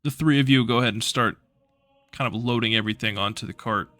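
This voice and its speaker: A man's voice: mid-range voice, quick pace, sharp tone, no room sound, soft background music. A man narrating a tabletop game as game master in a casual, loose way with frequent swearing. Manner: casual, swearing, hesitant fillers.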